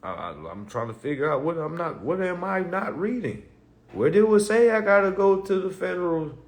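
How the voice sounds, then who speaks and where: A man's voice: sits high, expressive, moderate pace. A man teaching an online class in a casual, streetwise way, firing off profane rhetorical questions and laughing between points.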